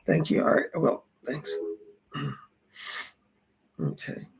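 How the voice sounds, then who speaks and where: A middle-aged man giving live psychic readings, with a hoarse voice that is going and a chatty manner as he reads out viewer donations and questions. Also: takes it slowly. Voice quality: gravelly. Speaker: psychic medium.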